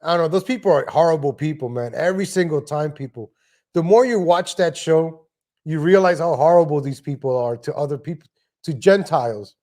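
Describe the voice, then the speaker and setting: Brief: male streamer, loose rambling monologue, somewhat high-pitched. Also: fairly quick, a little mellow. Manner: rambling, frequent restarts and asides. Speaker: live stream host. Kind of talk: casual livestream rant. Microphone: home desk microphone.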